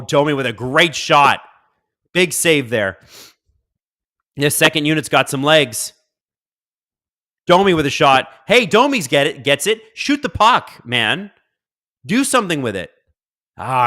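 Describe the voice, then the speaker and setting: Male streamer host, bright edgy tone, excitable play-by-play reactions between quiet mutters. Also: medium pitch, a little slow, pauses often. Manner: excitable, swings from mumbled asides to loud outbursts. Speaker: live-stream watch-along host. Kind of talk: live game reaction and chat reading.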